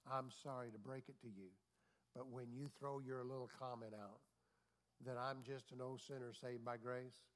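A man, a pastor, preaching a sermon with repeated phrases and call-and-response asides. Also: mid-range voice. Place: church.

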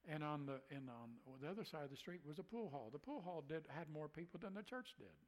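A man's voice: a little high, big pitch swings, fast, low-quality recording. A man, a preacher, telling a story in a folksy way, chuckling and acting out what people said. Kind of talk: telling a personal story in a conversation.

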